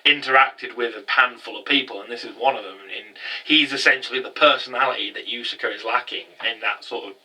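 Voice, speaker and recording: Animated man, bright distant voice. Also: mid-range voice, fairly quick, husky. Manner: animated, rambling, breaks into loud incredulous outbursts. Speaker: anime reviewer. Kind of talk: casual episode recap.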